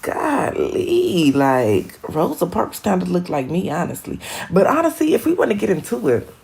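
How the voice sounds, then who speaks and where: Low gravelly animated woman streamer. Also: moderate pace. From Michigan, USA. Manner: rambling, animated and profane, laughing at her own jokes. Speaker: live streamer. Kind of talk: casual live-stream chat.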